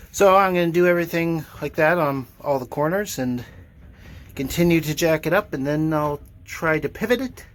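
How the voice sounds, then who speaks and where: A man's voice: fairly high pitch, a bit bright, slight background noise. An older man narrating his own work on a boat engine, dry and self-deprecating, with lots of fillers. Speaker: boat owner doing a motor refit. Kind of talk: casual narration while working. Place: inside a sailboat cabin.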